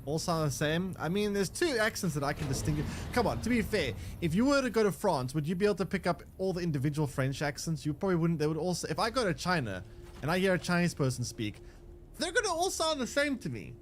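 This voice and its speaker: A young man talks loosely over his gameplay stream, answering chat and trailing off into fillers. His voice swings up and down with lively pitch, and a faint background hum sits under it. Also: fast talker. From South Africa. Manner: rambling, answers chat while playing, many restarts and fillers. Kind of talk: casual game livestream chat.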